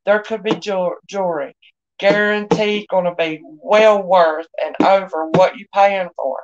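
A woman's voice: mid-range voice, fairly even intonation, unhurried, dull audio. Folksy middle-aged woman hosting a live sale. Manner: chatty, folksy, greets viewers by name. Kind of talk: casual live-stream selling chat.

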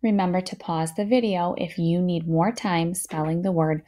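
A woman teaching a phonics lesson to young children, sounding words out slowly and patiently with steady encouragement. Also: lowish voice.

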